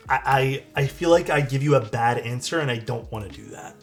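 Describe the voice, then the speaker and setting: A man's voice: medium pitch, a little fast. Laid-back Canadian man streaming live. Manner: relaxed, chatty, answers chat questions. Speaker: streamer building a keyboard. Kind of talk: casual live-stream chat. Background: faint music.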